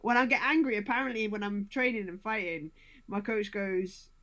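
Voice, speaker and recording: A woman's voice: medium pitch, normal speed, fairly bright tone. A woman in her thirties from Scotland who speaks with a standard British accent, chatting casually as a podcast guest and laughing often. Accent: southern English, standard British. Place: home, during lockdown.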